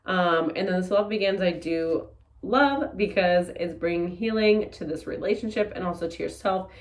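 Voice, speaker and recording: A woman giving a casual tarot forecast, speaking in a blunt, animated way and swearing freely. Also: on the low side, normal speed. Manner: blunt, profane, animated and candid. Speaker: tarot reader.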